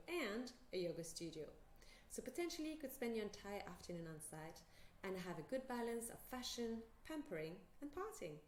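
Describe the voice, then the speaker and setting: A woman's voice: mid-range voice, darkish tone, slight background noise. A woman with a French and South African accent, hosting a podcast and reading a chatty introduction. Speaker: podcast host and yoga teacher. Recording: roomy echo.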